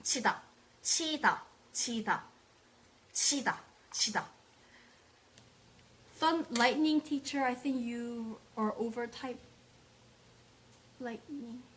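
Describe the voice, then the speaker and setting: A young woman teaching a live online language class, repeating words for drills and praising students by name. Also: sits high. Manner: repeats words slowly for practice, cheerful praise.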